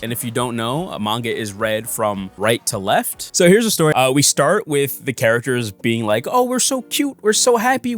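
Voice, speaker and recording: A man narrating a casual vlog about making his comic, animated and full of filler words. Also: mid-range voice. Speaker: comic artist vlogger.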